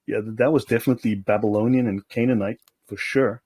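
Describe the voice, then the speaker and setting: A male host talks through documents in a loose, sardonic commentary, constantly checking in with the listener. His voice is husky and a little breathy. The sound is dry and close, with no room around it. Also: on the low side, steady tone, fast talker, darkish tone, no room sound. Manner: sardonic, keeps checking in with "okay?". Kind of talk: casual commentary while reading documents aloud.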